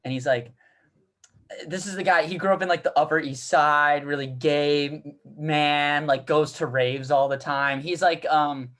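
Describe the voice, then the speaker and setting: A man's voice: a little high, fairly even intonation, unhurried, a bit bright. A man co-hosting a comedy podcast, rambling through a casual anecdote with lots of restarts. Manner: rambling, restarts, laughs through his stories. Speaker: podcast co-host.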